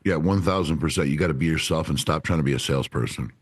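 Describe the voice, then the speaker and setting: A man talking as a sales trainer guest in a podcast interview, blunt and animated, swearing freely. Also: extremely low pitch, fast, breathy edge. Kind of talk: candid interview talk.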